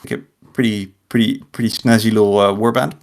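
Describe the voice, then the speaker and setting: A man's voice: on the low side, fairly even intonation, a little fast, vocal fry. A man co-hosting a casual tabletop wargame podcast, talking in a loose, rambling way full of fillers and restarts. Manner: rambling, lots of likes and restarts. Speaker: podcast co-host.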